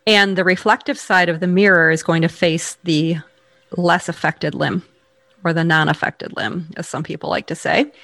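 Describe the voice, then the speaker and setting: Rehab expert explaining things quick, step by step, little restarts, dry mic. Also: mid-range voice, steady tone, gravelly, pushed and bright, no room sound. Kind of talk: explanatory conversation.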